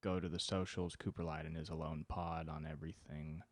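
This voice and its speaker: A man hosting a solo podcast, rambling with wry deadpan humor and sudden jumps in pitch. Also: fairly quick, no room sound, studio quality. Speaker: podcast host.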